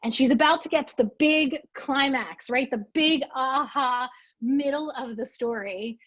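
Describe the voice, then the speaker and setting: A woman presenting a storytelling webinar, telling anecdotes in a lively, expressive way and acting out her own lines. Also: high voice, unhurried, husky, no echo, dull audio.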